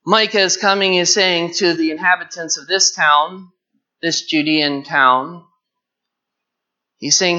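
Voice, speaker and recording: Bright-voiced man teaching scripture. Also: a little high, steady tone, takes it slowly, long pauses. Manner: earnest, explanatory, stretches key words. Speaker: Bible teacher. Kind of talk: verse-by-verse Bible teaching. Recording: dull lo-fi recording.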